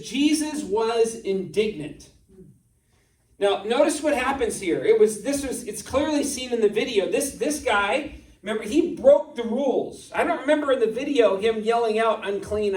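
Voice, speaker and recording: A male pastor giving a sermon in a relaxed, conversational way, often putting rhetorical questions to his congregation. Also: very high voice. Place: church sanctuary. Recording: echoey church room, distant mic.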